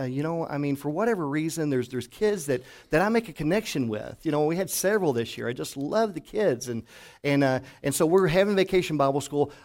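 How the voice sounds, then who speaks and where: A man's voice: mid-range voice, a little mellow. A male pastor preaching a sermon in a church, telling folksy stories with frequent fillers and restarts. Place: church sanctuary.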